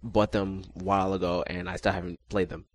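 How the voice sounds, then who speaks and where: A man in casual podcast chat about video games, relaxed and rambling, self-deprecating and casually swearing. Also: sits low, fairly quick, dry recording.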